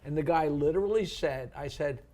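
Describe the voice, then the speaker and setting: Chatty man with a slightly high voice. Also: dark tone. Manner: chatty, asks quick follow-up questions. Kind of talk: casual chat.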